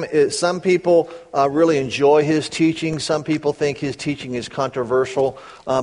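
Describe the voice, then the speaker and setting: A middle-aged man preaching a sermon, reading scripture slowly and then explaining it in quick, casual asides. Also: a little high. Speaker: pastor.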